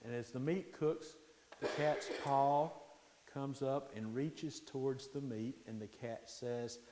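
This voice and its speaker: A man's voice: mid-range voice, slow pace, background noise. Dramatic male storyteller in a ringing hall. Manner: animated, dramatic pacing with hushed passages. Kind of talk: live folktale telling.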